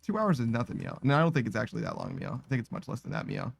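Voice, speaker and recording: Speaking rapid-fire with vocal fry, a very animated man with a medium-pitched voice reads viewer messages on his live stream. He's tired and laid-back, finishing nearly every sentence with "meow" and laughing and swearing often. A little hiss or hum can be heard.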